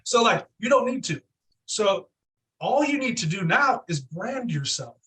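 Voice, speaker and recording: A man being interviewed, telling stories fast and animated, acting out quotes in exaggerated voices. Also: high-pitched, distant mic, rough recording. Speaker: real estate team leader, guest. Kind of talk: energetic storytelling interview.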